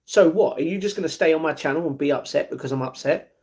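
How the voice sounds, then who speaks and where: Guy, 40s, glum and blunt on a livestream, kinda high voice. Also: quick pace, darkish tone. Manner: downcast, blunt, reads chat messages aloud and answers them. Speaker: livestreamer reading chat. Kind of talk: casual livestream chat.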